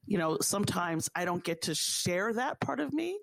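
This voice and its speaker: A woman of Haitian background speaking earnestly and warmly about her faith in a conversation, repeating phrases for emphasis. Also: lowish voice, big pitch swings, moderate pace, vocal fry, dry recording. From Haitian family.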